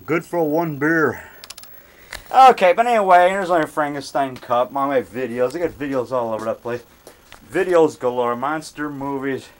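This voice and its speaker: A man's voice: medium pitch, moderate pace. A middle-aged man giving an eager, rambling show-and-tell tour of his home basement, jumping from one item to the next. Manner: eager, chatty, jumps from item to item. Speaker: monster movie-maker giving a home tour.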